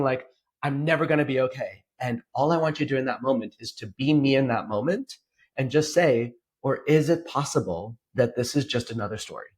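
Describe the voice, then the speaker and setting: A man's voice: medium pitch, husky. A man hosting a podcast as a coach, explaining anxiety techniques in casual chat. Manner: animated storyteller, acts out quotes.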